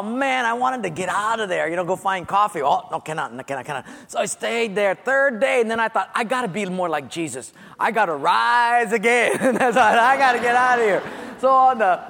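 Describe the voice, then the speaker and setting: A high-voiced man preaches in a church, storytelling with animated acted-out quotes. His voice carries through a long hall reverb with a faint hum of ambience behind it. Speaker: pastor. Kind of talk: sermon.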